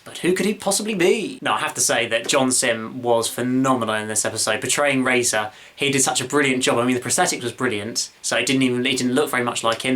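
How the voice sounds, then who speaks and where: A man talks quickly and eagerly through an episode review, full of praise. His voice is bright and forward. The delivery is casual, with plenty of fillers and restarts. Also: mid-range voice. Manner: enthusiastic, gushing, with many fillers and restarts. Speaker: video reviewer, channel host.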